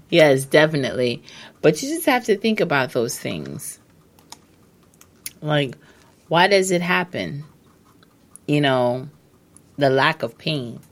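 A woman talks straight to her listeners in a casual advice monologue, blunt and emphatic and cursing freely. She takes her time and sits a little low in her range, and she keeps hiccuping. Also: expressive, slow pace, long pauses. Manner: emphatic, repetitive, blunt with profanity.

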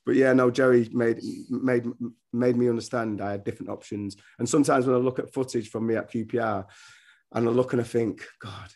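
A man's voice: medium pitch, fairly even intonation, brisk, a little mellow. A middle-aged man, a former footballer and coach, talking casually as a guest and telling rambling stories with many restarts. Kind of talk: casual podcast interview.

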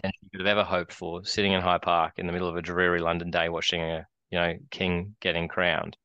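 Deep, flat-voiced Australian man. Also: fast talker, smooth, dry recording, lo-fi sound. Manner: rambling storyteller, many restarts and fillers. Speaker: podcast co-host. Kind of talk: casual chat.

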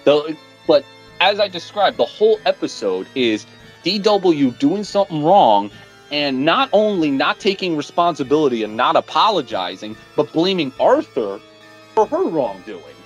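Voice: mid-range voice, normal speed, soft background music. A podcast co-host in casual chat, animatedly retelling a story and swearing bluntly along the way. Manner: animated storytelling, retelling a plot with mock voices.

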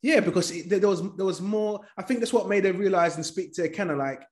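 A man's voice: high-pitched, fast talker. A young man in casual podcast chat, chiming in and agreeing with slangy asides.

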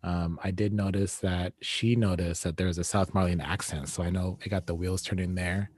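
Deep-voiced man thinking aloud on a podcast. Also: fairly even intonation, moderate pace, darkish tone, breathy edge, no echo. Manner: hesitant, thinking aloud, self-correcting. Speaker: podcast co-host. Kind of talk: casual chat about an anime episode.

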